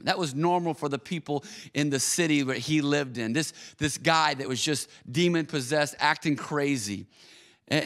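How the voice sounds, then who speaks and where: Guy preaching, kinda high voice, chatty, stumbles and repeats himself a lot. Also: fairly bright tone. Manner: conversational, repeats words, acts out quoted voices. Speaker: pastor. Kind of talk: casual sermon.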